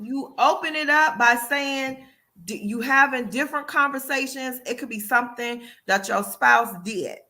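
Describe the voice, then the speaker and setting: A woman hosting a casual talk show who talks in a lively way and acts out people's excuses as she goes. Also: high voice. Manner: animated, acts out quoted excuses, repeats "yada, yada". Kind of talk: casual chat.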